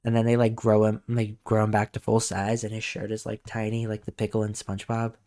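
A young man co-hosting a casual podcast, excitable and swearing, who jumps into high voices to act out cartoon lines. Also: a little fast. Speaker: podcast co-host. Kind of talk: casual chat.

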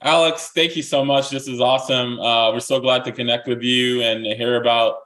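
A man hosting a podcast, with a bright, forceful tone. He asks short, polite questions and thanks his guest. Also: medium pitch, fairly even intonation, normal speed. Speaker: podcast host. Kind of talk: interview questions.

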